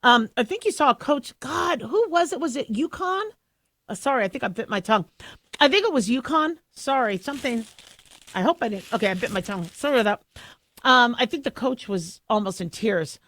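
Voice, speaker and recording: A middle-aged woman hosting a radio talk show, chatting in a rambling, animated way with many fillers and restarts. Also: on the high side, fairly quick, no room sound. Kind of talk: casual radio monologue. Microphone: studio microphone.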